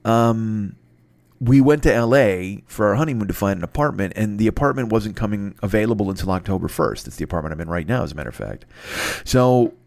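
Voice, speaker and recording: A middle-aged man with a low voice tells a long story on a podcast, swearing freely and getting worked up as he goes. The sound is dry and close, with no room around him. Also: vocal fry, no echo. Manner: profane, rambling, excitable. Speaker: podcast host. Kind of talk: casual storytelling.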